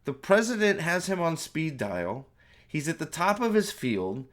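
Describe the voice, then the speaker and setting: A high-voiced man rants through a spoiler movie review, swearing freely and tripping over his own restarts. He talks from home in an exasperated, incredulous way. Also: very animated, a little slow. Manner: profane, exasperated ranting with many restarts.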